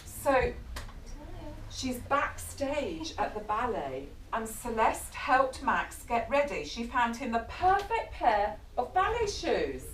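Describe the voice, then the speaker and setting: A middle-aged English woman reading a picture book aloud to children, animated, stopping to ask them questions. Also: a little high, slow, slight background noise. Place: bookshop or café event room. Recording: echoey room, distant mic, background chatter.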